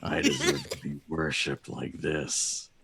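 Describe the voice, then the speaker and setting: A man's voice: rumbling low, huge pitch swings, a little slow, a bit bright, slightly rough, full character voice. A man voicing a pompous, self-important male raven familiar in a tabletop game. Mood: smug. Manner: self-important, demands to be worshipped. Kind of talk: tabletop role-play.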